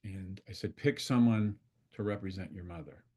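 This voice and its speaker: A man, a constellation facilitator, telling a story in a relaxed, conversational way and acting out the dialogue. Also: sits low, normal speed. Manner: conversational, acts out dialogue with swearing quotes. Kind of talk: storytelling in an online talk.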